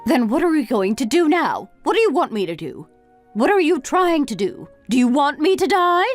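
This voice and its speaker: An exasperated mother who berates her grown son with one reproachful question after another, voiced by a woman. The voice sits fairly high and swings widely in pitch. It is read as a texting-story voice-over with faint music underneath. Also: big pitch swings, normal speed.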